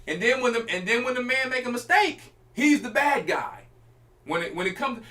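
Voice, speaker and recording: A man's voice: extremely high pitch, lively intonation, moderate pace, bright, forceful tone. A man preaching as a church elder, teaching an informal sermon in an emphatic, colloquial way and speaking straight to his listeners.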